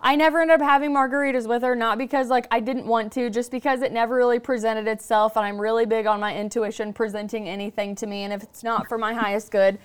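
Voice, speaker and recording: A woman with a high, smooth voice hosts a casual podcast conversation. She tells stories in a lively way and swears often. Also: quick pace, few pauses. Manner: profane, lively storyteller. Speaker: podcast host.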